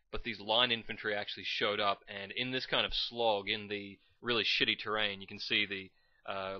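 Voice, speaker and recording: A man gives rambling, casual let's play commentary, often correcting his own words. His voice sits fairly low, and the recording is dull and lo-fi with a dry, close sound. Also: dry recording. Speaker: gamer commentating his match.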